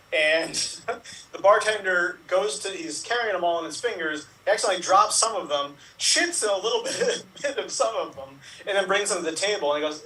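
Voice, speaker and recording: A man's voice: sits high, bright, forceful tone, far from the mic, rough recording. A man improv player telling short comic bar jokes. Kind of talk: telling quick setup-punchline jokes.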